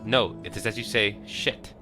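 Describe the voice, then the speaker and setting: A grumpy little goblin snaps out short, dismissive lines, dropping French words as he shoos people away, put on by a man. The voice sits a bit low. Game music plays clearly behind him. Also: moderate pace, lightly acted. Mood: curt. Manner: curt, dismissive, sprinkled with French phrases. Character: grumpy aloof male goblin with thick French manner.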